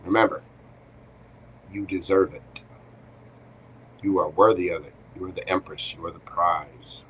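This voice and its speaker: A man reading tarot cards on a live stream, slow and unhurried, his voice sitting on the low side. He teases and jokes, firing off short, punchy commands. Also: steady tone, fairly bright tone, slight background noise. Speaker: tarot reader hosting a live members Q&A.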